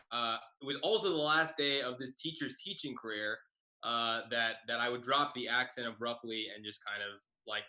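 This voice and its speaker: A man's voice: medium pitch, pushed and bright, rough recording. A man comedian telling a rambling story over a video call, with lots of fillers.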